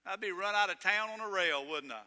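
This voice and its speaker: A man preaching a sermon as pastor, swinging between loud emphatic lines and hushed ones. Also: high-pitched, fairly quick, big-room sound.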